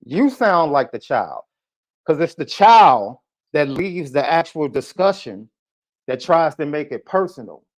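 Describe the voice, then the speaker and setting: A man's voice: a little high, big pitch swings, unhurried. A man hosting a podcast, ranting heatedly at a viewer in a combative, taunting, repetitive way. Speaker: podcast host. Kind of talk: heated live podcast rant. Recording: muffled lo-fi stream audio.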